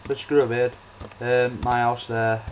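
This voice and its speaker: A man's voice: medium pitch, flat delivery, moderate pace, slight background noise, low-quality recording. A young man gives casual, rambling gameplay commentary as a let's play host. He talks full of ums and false starts. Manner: rambling, hesitant, many ums and restarts.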